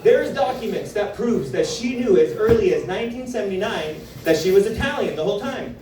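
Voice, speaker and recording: A man's voice: high-pitched, fairly quick. A young man doing a stand-up comedy set on a club stage, telling stories and acting out the people in them. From Canada. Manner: animated storytelling with acted-out quotes. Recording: roomy club sound from a distance.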